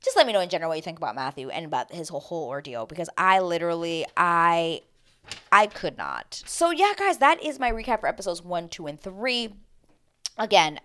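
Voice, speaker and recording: A woman hosting a casual reality TV recap vlog, animated and exclamatory, speaking straight to her viewers. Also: lowish voice, fairly quick.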